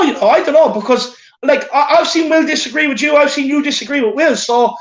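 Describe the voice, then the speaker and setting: A man's voice: very high voice, fast talker. A man with an Irish accent hosting a casual live stream, reading out viewer messages in a chatty, repetitive way, recorded on a phone. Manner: chatty, repeats himself, calls people "my man" and "lad". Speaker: show host reading super chats.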